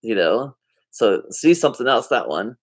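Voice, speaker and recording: A man vlogs casually to the camera, rambling and drifting off topic in laid-back, slangy talk with many fillers. His medium-pitched voice swings widely in pitch at a moderate pace.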